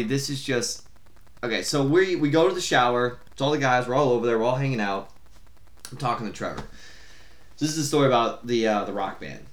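A man's voice: mid-range voice, fairly bright tone, echoey room, slight background noise. Rambling young man telling a bar story. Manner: rambling storyteller, frequent fillers and swearing. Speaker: podcast co-host. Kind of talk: casual chat.

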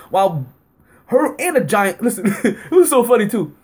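A man's voice: normal speed, husky. A man hosting a sports podcast, telling a story casually, acting out both sides of an argument and filling his talk with "like" and laughter. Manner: animated, acts out both sides of an argument with rising pitch; heavy use of fillers like "like" and frequent laughter. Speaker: podcast host.

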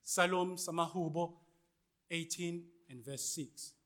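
A male pastor, preaching a sermon and calling out to the congregation for responses, with swings between loud and hushed lines. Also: on the high side, takes it slowly.

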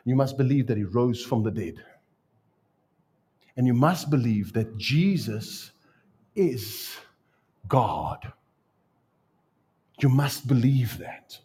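A man's voice: medium pitch, animated, slow pace, pauses often, mellow, breathy edge. A man preaching a sermon and asking his congregation questions. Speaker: pastor.

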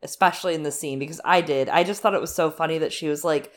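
A woman's voice: low-pitched, fast. A woman co-hosting a podcast, chatting casually about a TV episode, laughing often and acting out the characters' lines. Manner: animated, laughs often, acts out quotes. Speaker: podcast co-host. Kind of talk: casual chat recapping a TV episode.

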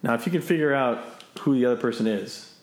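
A man's voice: mid-range voice, quick pace, roomy sound. A man hosting a casual podcast movie quiz, chatty and self-deprecating, laughing often. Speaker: quiz host.

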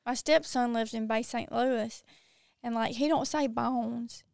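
Southern guest: woman, Mississippi accent, fry in the voice, smooth and dry, animated storyteller. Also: on the high side, measured pace, no room sound. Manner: animated, laughs often. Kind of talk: casual chat.

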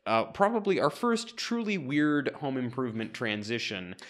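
A man's voice: mid-range voice, sing-song, moderate pace, fairly bright tone. A man co-hosting a podcast in casual chat, joking and often restarting his sentences. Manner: jokey, stammering restarts. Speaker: podcast co-host.

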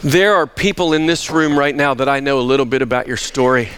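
Energetic male pastor, bright, forceful voice, animated sermon delivery, prone to restarts. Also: medium pitch, a little fast. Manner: emphatic, animated, with frequent restarts. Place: church sanctuary.

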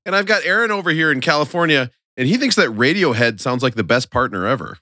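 Male podcast host, rambling and jokey, bright voice on a dry close mic. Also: fairly high pitch, very animated, quick pace, dry recording. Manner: joking, rambling, laughs often. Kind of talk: casual podcast chat.

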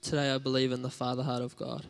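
A man's voice: mid-range voice, monotone, fast, vocal fry. A man preaching a sermon in a conversational, storytelling way, with casual fillers.

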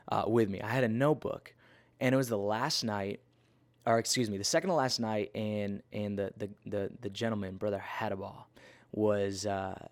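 A man telling a personal story in a sermon, animated and conversational, with many fillers and restarts. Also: fairly low pitch. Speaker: preacher.

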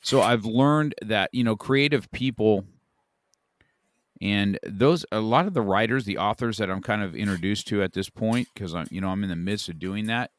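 A man's voice: lowish voice, moderate pace. A man hosting an interview, chatting casually and rambling in a self-deprecating way with many restarts. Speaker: podcast host.

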